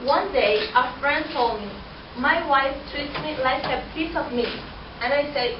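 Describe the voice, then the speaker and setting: A woman, a Spanish speaker by first language, telling stand-up jokes to a class in a hesitant way with pauses and fillers. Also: high voice. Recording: echoey room, far mic, dull sound, noisy.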